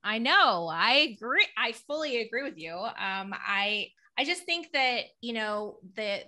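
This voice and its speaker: A woman hosting a podcast in casual chat, giggly and animated, sprinkling in Italian words. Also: a little high, measured pace. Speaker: podcast host.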